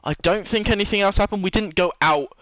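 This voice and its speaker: A man's voice: high-pitched, fast, fairly bright tone, rough recording. A young man telling a long rambling story to his vlog audience, swearing freely and laughing often. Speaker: vlogger. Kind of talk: casual storytelling monologue.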